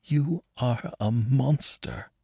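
A man voicing a frightened, tearful young woman in a spoken storybook, pitched high and breathless. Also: very animated, moderate pace, darkish tone, no echo, clean studio sound.

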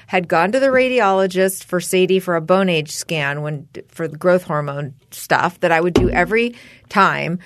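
A woman's voice: fairly low pitch, normal speed, a little hiss or hum. A middle-aged woman co-hosting a podcast, chatting casually and telling her own story. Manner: conversational, agreeing, storytelling. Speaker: podcast co-host. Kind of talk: casual chat.

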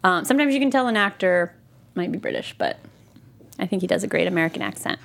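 This podcast co-host is a woman with a lowish, gravelly, slightly bright voice who talks fast with huge pitch swings. Recapping a TV show casually in a studio, she rambles with fillers and restarts and laughs easily, over slight background noise.

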